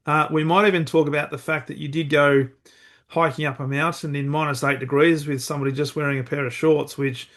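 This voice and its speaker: A man hosting a podcast, interviewing a guest in an upbeat, energetic way. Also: fairly high pitch, fairly quick. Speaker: podcast host.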